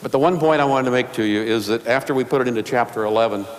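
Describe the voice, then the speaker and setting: Racing along in a medium-pitched voice, a male keynote speaker tells humorous anecdotes to an audience in storytelling fashion. The recording comes from an echoey hall with faint noise.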